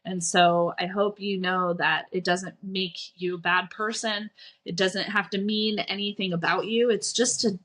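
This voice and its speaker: A woman's voice: medium pitch, a bit bright. A woman life coach and podcast host, talking frankly and reflectively in a solo monologue, swearing casually and often asking "right?".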